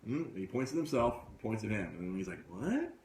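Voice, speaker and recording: A man's voice: on the low side, quick pace, echoey room, a little hiss or hum. A man hosting a podcast live from a comic book shop, chatting casually and animatedly acting out funny scenes. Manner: animated storyteller, acts out scenes in funny voices. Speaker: podcast host. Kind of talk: casual chat.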